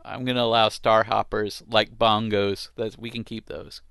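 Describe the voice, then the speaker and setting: A man's voice: on the low side, flat delivery, moderate pace, gravelly, fairly bright tone, smooth, no room sound, clean studio sound. Joking man co-hosting a comic review. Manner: joking, reads comic dialogue in mock voices. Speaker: podcast co-host. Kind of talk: casual chat.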